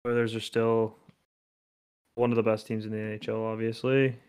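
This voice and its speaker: A man's voice: on the low side, little pitch movement, moderate pace, a little mellow, smooth. A man in casual sports chat, laid-back and hesitant, with many fillers.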